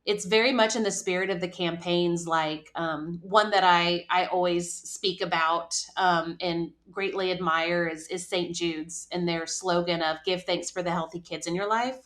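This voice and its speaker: A woman with a somewhat low voice answers interview questions earnestly. She sounds reflective and measured, pausing now and then to choose her words. She speaks as a podcast guest who leads a charity program. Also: fairly even intonation, fairly bright tone. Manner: earnest and reflective, with thoughtful pauses.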